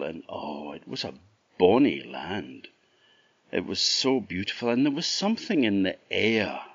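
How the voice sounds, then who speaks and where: A man from Orkney with an Orkney Scottish accent telling a folk tale in a relaxed, lilting, expressive way. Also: low-pitched, no echo, dull audio. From Orkney Islands. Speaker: storyteller. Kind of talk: oral folk storytelling.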